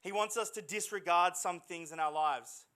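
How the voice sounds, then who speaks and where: A man preaching a sermon in a church service, animated and dramatic, slipping in jokey asides. His voice is high for a man and bright, with a forceful, cutting tone. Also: normal speed, clear, resonant tone. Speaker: pastor.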